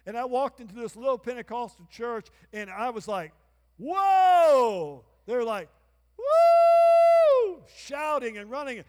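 Pastor, man in his 60s, high voice, sermon with call-and-response and sudden shouts, long church reverb. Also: fairly quick, hardly any pauses. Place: church sanctuary.

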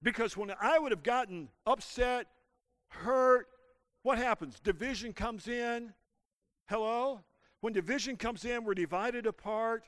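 Male pastor mid-sermon, high and smooth voice, dry close sound. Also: unhurried, a bit bright, no room sound. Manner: preaching with call-and-response to the congregation. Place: church.

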